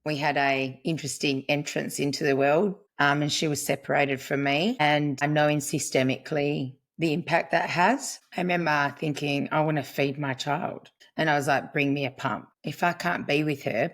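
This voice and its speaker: A woman's voice: low voice, fairly even intonation, normal speed, hardly any pauses. A middle-aged woman, a podcast guest, speaking earnestly in a reflective conversation and quoting what she once said. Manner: earnest, storytelling, quotes herself. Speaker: podcast guest, family constellations practitioner.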